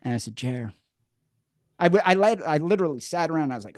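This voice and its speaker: Guy telling stories on a podcast, mellow dark voice, dry sound, acts out quotes, lots of restarts. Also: mid-range voice, quick pace, no room sound. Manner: animated storyteller, acts out quotes, repeats and restarts words. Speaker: podcast guest, addiction program co-creator. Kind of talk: conversational storytelling.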